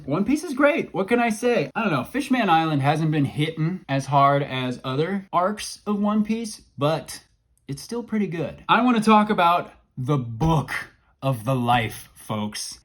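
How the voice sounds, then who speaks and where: Male book vlogger, slightly high voice, excitable and jokey, casual delivery. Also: breathy edge. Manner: enthusiastic, jokey, hyperbolic. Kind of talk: casual book review vlog.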